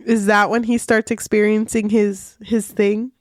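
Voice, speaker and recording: A woman's voice: mid-range voice, flat delivery, unhurried, no echo, clean studio sound. A young woman co-hosting a casual book podcast, playful and giggly as she quotes characters. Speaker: podcast co-host.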